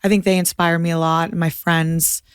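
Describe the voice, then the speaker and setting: A young woman from Boston chats openly as a podcast guest, her light Boston accent slipping through a slightly low voice. She talks frankly and fills her sentences with "like." The sound is close and dry. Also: flat delivery, normal speed, clean tone, dry recording. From Boston, USA. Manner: chatty, frank, lots of "like". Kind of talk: casual interview chat.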